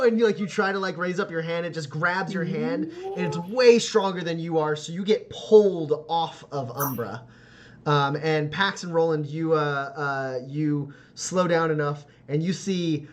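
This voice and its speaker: A man's voice: on the high side, a little slow, lo-fi sound. Chatty man running a tabletop game. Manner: rambling, full of "like" and "uh" fillers, laughs often. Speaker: game master. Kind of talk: narrating a tabletop game, casual.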